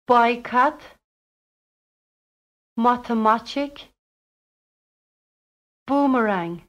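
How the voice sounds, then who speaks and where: A woman reading single example words slowly and deliberately for a pronunciation lesson. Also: on the high side, a bit bright, lo-fi sound. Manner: slow, deliberate word-by-word reading. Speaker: pronunciation model speaker.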